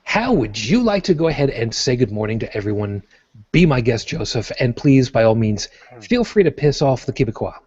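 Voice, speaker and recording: A rambling podcast host from Brooklyn talks in a New York accent, full of fillers and self-corrections. His voice is dark and mellow. The audio sounds dull and lo-fi. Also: medium pitch, sing-song, fairly quick, breathy edge. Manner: rambling, jokey, with frequent fillers and restarts. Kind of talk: casual chat.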